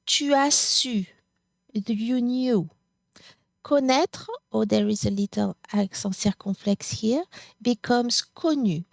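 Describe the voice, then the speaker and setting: A woman speaks in a fairly high voice and takes her time over every word. She says each form plainly and then repeats it. The sound is close and dry. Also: no room sound. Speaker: French teacher. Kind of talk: slow, careful grammar lesson.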